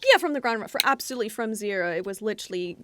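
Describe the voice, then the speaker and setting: A woman's voice: medium pitch, very fast, heavy background noise. A woman co-hosting a casual podcast chat, bubbly and giggly as she talks about her presenting work.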